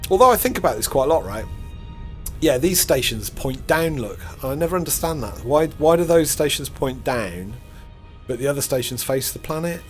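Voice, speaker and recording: A man's voice: a little high, lively intonation, normal speed, faint music behind. A middle-aged man giving casual, rambling commentary while playing a space game, often laughing at himself. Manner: rambling, self-deprecating, chuckles to himself. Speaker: gaming channel host.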